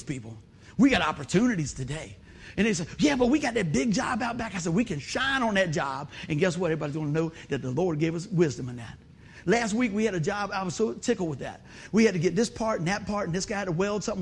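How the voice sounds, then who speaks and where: Give me an excitable, husky-voiced man preaching a folksy sermon. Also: high-pitched. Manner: lively, folksy and excitable, talks to the congregation. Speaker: lay preacher. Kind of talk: informal sermon.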